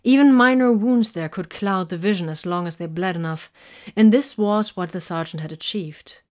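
A woman reading a story aloud in a steady, measured narration. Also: lowish voice. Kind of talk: audiobook reading of fan fiction.

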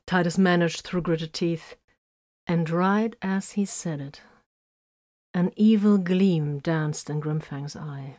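A woman reading war fiction aloud as a narrator, with dramatic swings between loud emphasis and hushed lines. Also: on the low side, slow, no echo, studio quality. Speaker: audiobook narrator. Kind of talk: scripted narration of military science fiction.

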